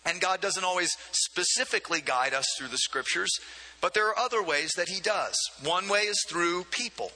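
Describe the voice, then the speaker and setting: High bright-voiced male pastor preaching. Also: expressive, moderate pace. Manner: conversational preaching, many asides and repeated words. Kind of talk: sermon. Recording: long hall reverb.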